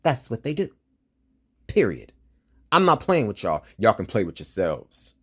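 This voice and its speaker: A man's voice: fairly low pitch, measured pace, slightly rough. A man reading a news story aloud and breaking into angry, profane commentary, agitated and heated. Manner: heated, profane, switches between flat reading and loud outbursts.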